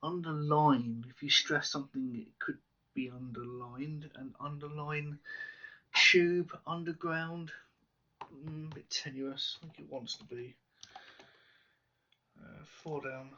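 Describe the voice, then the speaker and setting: A man solving a crossword aloud, musing slowly with half-whispered asides. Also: fairly high pitch, fairly even intonation, bright, forceful tone, far from the mic. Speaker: crossword solver. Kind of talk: thinking aloud while solving. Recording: slightly dull lo-fi sound.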